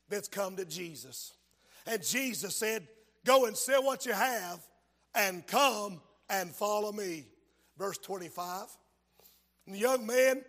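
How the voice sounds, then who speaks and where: A man preaching a fervent revival sermon, shouting his points and reading scripture aloud in a church. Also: high voice. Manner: reads King James scripture aloud. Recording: long hall reverb.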